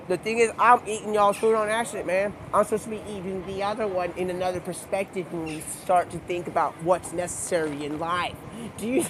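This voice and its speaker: A young man in a rambling, profane monologue, excitable and jumping between mumbled asides and loud outbursts. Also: high-pitched, background noise.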